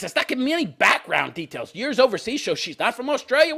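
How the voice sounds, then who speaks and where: A man's voice: high voice, sing-song, fast, gravelly, few pauses, a bit bright. A man in his fifties reading a news story aloud and mocking it with crude, sarcastic jokes, laughing at his own lines. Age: 50s. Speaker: commentary channel host.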